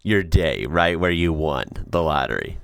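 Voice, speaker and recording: Low-voiced excitable man reacting to clips. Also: a little slow, creaky, clear, resonant tone, no echo. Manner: excitable, laughs often, slangy. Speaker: reaction video host. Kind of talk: casual reaction commentary.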